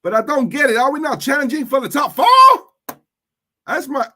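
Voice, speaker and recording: A man voicing a young American football fan in an exaggerated mock Southern American accent, high and shouted. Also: moderate pace, a little hiss or hum. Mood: indignant.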